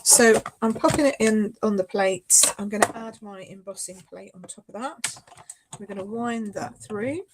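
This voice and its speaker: A woman's voice: medium pitch, normal speed, noisy background. A woman demonstrating card making in a live craft tutorial. She chats casually, often apologises and laughs along the way.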